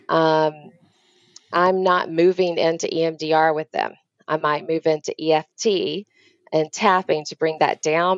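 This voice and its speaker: A woman's voice: deep voice, no room sound, highs cut off. A woman therapist giving explanatory advice over a video call, with frequent ums. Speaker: therapist guest. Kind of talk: remote interview conversation.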